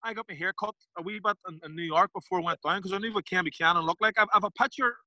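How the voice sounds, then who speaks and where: A man with a Derry Northern Irish accent tells stories as a podcast guest, his voice sitting high and bright with a forward edge. He talks in a loose, animated way, slipping into other people's voices for quoted lines and swearing easily. The sound is dry and close, with hardly any room around it. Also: rapid-fire, no room sound, rough recording. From Northern Ireland. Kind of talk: casual storytelling interview.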